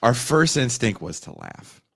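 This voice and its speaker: A man on a podcast telling a story casually, animated and profane, often leaping up in pitch for emphasis. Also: measured pace, vocal fry, slightly rough, dry recording, clean studio sound. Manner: animated, profane, jumps into high voices for emphasis.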